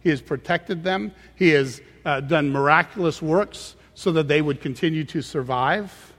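A man's voice: a little high, normal speed, a bit bright. A male pastor preaching a sermon with emphatic, repeated phrases. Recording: reverberant hall sound.

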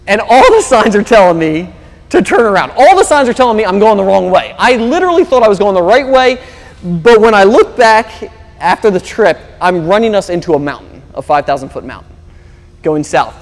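A male pastor preaches through a personal story, his delivery lively and animated. His voice sits high for a man, and it rings out with a long reverb, as if in a large hall. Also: moderate pace. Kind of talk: storytelling sermon.

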